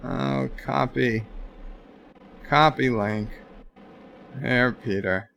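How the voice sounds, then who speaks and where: A man's voice: mid-range voice, drawn-out words, creaky, a bit bright, slight background noise. A man hosting a livestream in a casual chat-reading style, reading viewers' messages aloud and answering with dry jokes. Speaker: livestream host.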